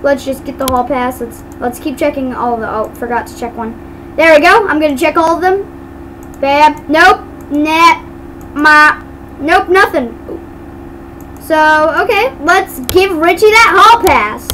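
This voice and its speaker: A woman's voice: high-pitched, unhurried, sharp tone, slight background noise, poor audio. A woman giving casual commentary while playing a game, chatty and giggly, tripping over her words. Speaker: gamer.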